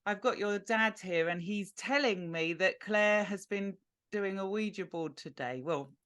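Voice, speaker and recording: A woman's voice: medium pitch, unhurried, smooth. A British woman from near London, a medium guest on a video call, chatting and telling stories, with frequent laughter. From England. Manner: warm storyteller, laughs often. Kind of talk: casual interview chat.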